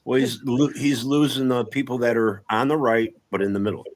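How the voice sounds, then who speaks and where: A man's voice: medium pitch, steady tone, fairly quick. A man in casual political chat, blunt and sarcastic, swearing freely.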